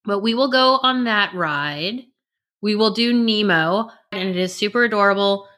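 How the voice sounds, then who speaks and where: A chatty woman in her forties telling stories in a casual podcast conversation. Her voice is bright and clear, at an ordinary pitch, and she slips into little acted quotes as she talks. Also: normal speed. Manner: chatty storyteller who acts out family quotes. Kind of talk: casual chat.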